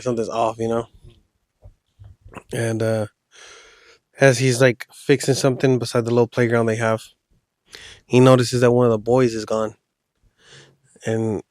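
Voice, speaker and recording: A man spins a spooky tale in a loose, rambling way, like chatting with a friend. His voice sits at a middling pitch and sounds dry and close, with no room around it. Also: darkish tone, dry recording. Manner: loose, rambling retelling with slang. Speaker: podcast host telling a horror story. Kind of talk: casual storytelling.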